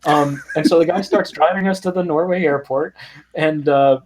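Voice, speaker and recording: Slightly high-voiced man telling an anecdote. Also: moderate pace, slight background noise. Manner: animated anecdote teller, frequent ums and restarts. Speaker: guest. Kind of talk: conversational storytelling.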